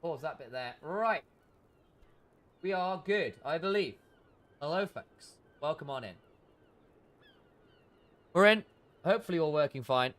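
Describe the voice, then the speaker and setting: A man's voice: a little high, expressive, unhurried, pauses often, fairly bright tone. A man streaming a game live, chatting casually to viewers and muttering to himself while he fiddles with his settings.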